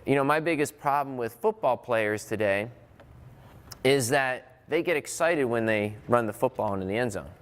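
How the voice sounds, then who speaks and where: A man's voice: mid-range voice, animated, normal speed, a bit bright, big-room sound. A man giving a conversational motivational talk on mental training, often restarting phrases and working through examples. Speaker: motivational speaker.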